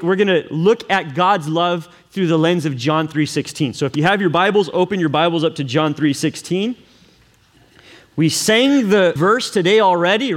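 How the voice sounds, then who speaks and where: Earnest high-voiced male preacher. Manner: earnest, repetitive, asks the congregation questions. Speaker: pastor. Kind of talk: sermon.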